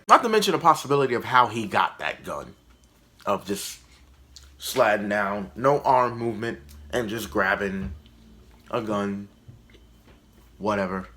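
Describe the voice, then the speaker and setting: A man's voice: mid-range voice, fairly bright tone. A man doing a casual comedy review vlog about a TV show, blunt, profane and sarcastic.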